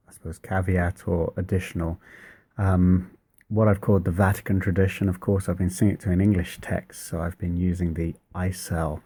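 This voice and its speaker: A man with a deep, dark voice talks through a music lesson at an easy, slow pace. His explanation is thoughtful and halting, full of small pauses as he works out each point. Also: husky. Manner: thoughtful, hesitant, many pauses and fillers. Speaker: church music teacher. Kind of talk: informal spoken lesson on chant.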